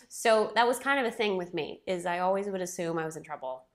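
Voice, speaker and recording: A woman in her thirties, once a ballet soloist, tells a story in a casual, chatty, self-deprecating way, acting out what other people said. Her voice is fairly low and fast.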